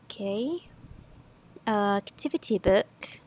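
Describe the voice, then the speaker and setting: A Saudi woman teacher walks through English grammar step by step, patient and prone to correcting herself. Her medium-pitched voice is expressive and somewhat dark in tone, her pace slow, and the audio poor.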